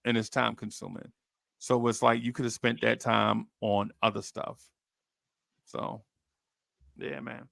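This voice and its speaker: A man on a podcast, casually telling a story in animated, slangy talk and acting out what others said. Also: mid-range voice, a little slow, vocal fry, long pauses, no echo, clean studio sound. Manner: animated, slangy storyteller who acts out quoted voices. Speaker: podcast host.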